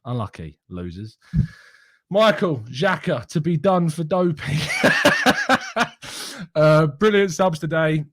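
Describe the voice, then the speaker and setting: Brief: young male stream host, giddy, mocking, quick to laugh, a touch high, dry close mic. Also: wildly swooping pitch, a bit bright, no room sound. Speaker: fan channel host reading live chat. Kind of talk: excited live stream chat.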